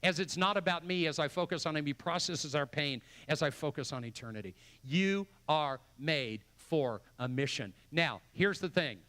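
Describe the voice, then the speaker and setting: An older man preaches to his church in a fairly high-pitched voice. He pushes hard on repeated phrases and lets his excitement build. It sounds like a pastor calling his people to a mission. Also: normal speed, hardly any pauses. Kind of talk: sermon. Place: church sanctuary.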